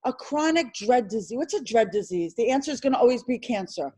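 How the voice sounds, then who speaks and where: A woman's voice: on the high side, slightly rough. A woman teaching an insurance licensing class, drilling terms over and over and firing questions at her students. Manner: animated, repetitive drilling with quick questions to students. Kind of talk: classroom exam-prep lecture.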